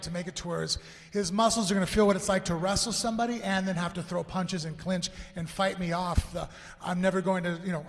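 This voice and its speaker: A man, an MMA fighter, answering questions at a press conference in an earnest, halting way. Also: high-pitched, creaky. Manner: earnest, halting, explains strategy. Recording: reverberant hall.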